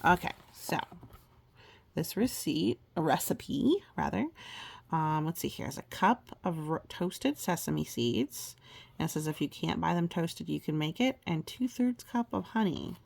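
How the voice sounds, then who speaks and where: A woman's voice: low voice, lively intonation, a little slow, vocal fry, darkish tone. A woman reading a children's picture book aloud, adding chatty, playful asides. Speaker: storybook reader.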